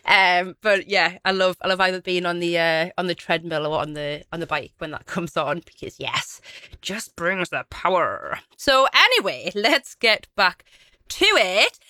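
A woman's voice: lowish voice, expressive, unhurried, sharp tone, dry recording. A woman presenting a radio show, bubbly and a little out of breath, laughing at her own slips. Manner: bubbly, laughing, self-correcting. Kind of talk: chatty radio show link. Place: radio studio. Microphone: studio mic.

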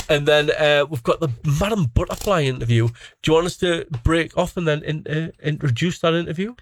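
A man, hosting a community radio show with teasing, joking banter in a studio. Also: fairly high pitch. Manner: joking, teasing, quick asides.

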